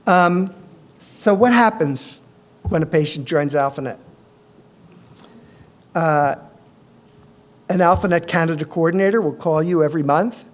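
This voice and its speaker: A middle-aged male physician giving a conference presentation, measured, with frequent ums and uhs. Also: fairly high pitch.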